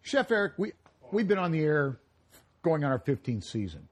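Husky, jokey radio co-host man. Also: fairly high pitch, sing-song, moderate pace. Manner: jokey, rambling, coughing now and then. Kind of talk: casual radio banter. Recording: live remote broadcast at a retail store.

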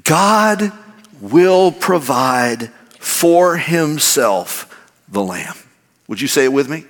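A man delivers a sermon from the pulpit at an unhurried, emphatic pace. His fairly high voice climbs and then sinks low on key words. A long reverb from the large church hall trails every phrase. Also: expressive, a bit bright. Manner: slow, emphatic preaching with dramatic drops and climbs in pitch. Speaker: pastor.

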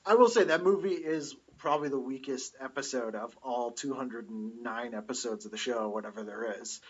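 A man co-hosting a casual chat, calmly explaining details and trivia. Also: mid-range voice, normal speed, breathy edge, lo-fi sound.

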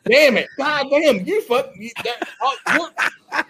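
A man from South Carolina with a Southern accent, swearing freely as he tells loud, animated stories as a podcast guest. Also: very high-pitched, takes it slowly, noisy background. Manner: loud, animated storytelling with heavy swearing and drawled Southern slang. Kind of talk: profane casual banter.

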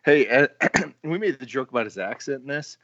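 A man's voice: mid-range voice, animated, normal speed, fairly bright tone, no echo. Brief: dry-witted contrarian male co-host, close and dull-sounding. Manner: sarcastic, contrarian, joking. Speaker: podcast co-host. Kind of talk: casual movie-review chat.

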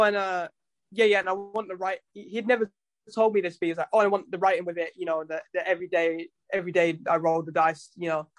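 A man's voice: high-pitched, dry recording. A man, a musician guest telling stories in a casual chat, rambling and swearing freely. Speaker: guest musician and tattoo artist.

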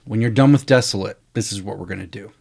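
A man with a lowish voice talks casually on a podcast. He is a screenwriter telling a story, slipping into quoted dialogue. His talk is candid and full of swearing. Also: fast, creaky, darkish tone. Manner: profane, candid.

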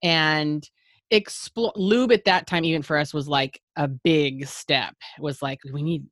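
Low-voiced woman, dry close sound. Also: unhurried, a bit bright, no echo. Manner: frank and rambling, restarts often. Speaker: podcast guest. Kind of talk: candid casual chat.

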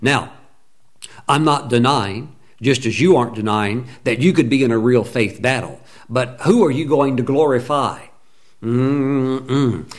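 A man preaching a sermon, fervent and emphatic, acting out quoted prayers and complainers in lively voices. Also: mid-range voice, a little slow. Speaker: pastor.

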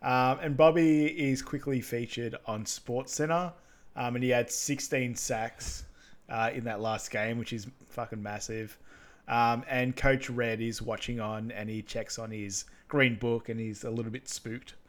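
Relaxed man retelling film scenes. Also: mid-range voice, measured pace. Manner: relaxed storytelling, with fillers and laughs. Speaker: podcast co-host. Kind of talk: casual film recap chat.

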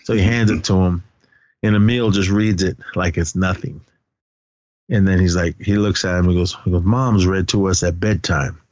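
Low-voiced man rambling through a movie recap. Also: steady tone, normal speed, darkish tone, dry recording, highs cut off. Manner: rambling, self-correcting, many fillers. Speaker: podcast co-host. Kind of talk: casual movie plot recap.

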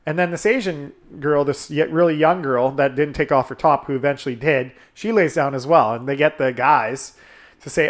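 A man's voice: fairly high pitch, normal speed. A man hosting a podcast, telling a crude story in casual chat, laughing often and swearing freely. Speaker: podcast host.

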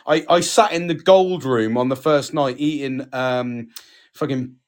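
A man co-hosting a casual podcast, swearing a lot and laughing as he tells his stories. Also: mid-range voice. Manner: laughing, swears heavily, rapid anecdotes. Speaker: podcast co-host. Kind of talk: casual banter.

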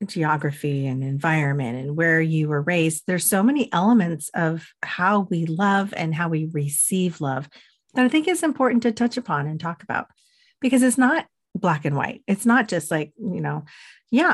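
Raspy-voiced giggly woman co-host. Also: fairly low pitch. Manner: giggly, easygoing, swears casually. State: recovering from bronchitis. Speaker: podcast co-host. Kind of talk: casual chat.

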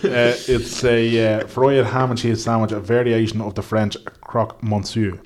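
A man chatting casually, rambling quickly and swearing in passing. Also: mid-range voice, little pitch movement. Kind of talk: casual chat.

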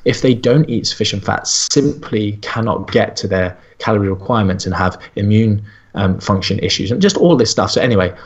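A sports nutritionist in casual podcast chat, telling stories in an animated way and acting out the people he quotes. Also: fairly low pitch, muffled recording. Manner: animated storytelling with quoted voices.

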